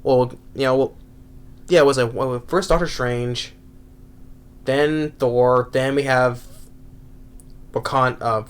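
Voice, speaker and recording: A man's voice: mid-range voice, fairly even intonation, slow pace, pauses often, clean tone. A man ranting through a movie review, rambling and exasperated, with frequent restarts and repeated words.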